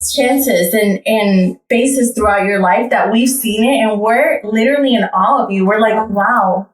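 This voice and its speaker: A woman co-hosting a podcast, chatting casually and praising a friend emphatically with drawn-out phrases. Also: a little high, recorded from a distance. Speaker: podcast co-host. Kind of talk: casual chat among friends. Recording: roomy echo.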